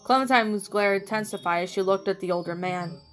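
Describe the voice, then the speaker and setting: Woman narrating fanfic, mid pitch, little slips, soft music behind. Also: a little fast. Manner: plain reading with small slips. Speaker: story reader. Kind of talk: reading fan fiction aloud. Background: faint music.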